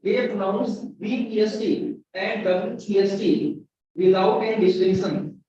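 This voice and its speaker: Slow Indian lecturer in an echoey room. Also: male voice, sits high, steady tone, a crowd in the background. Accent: Indian English. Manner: spells words letter by letter and repeats them slowly. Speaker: university lecturer. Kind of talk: pronunciation lesson. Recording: dull echoey room from far off.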